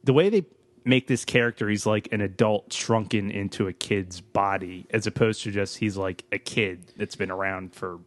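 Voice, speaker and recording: Low-voiced man making wry asides. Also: normal speed, no echo. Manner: wry, offhand asides with lots of filler. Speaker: podcast co-host. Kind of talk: casual chat.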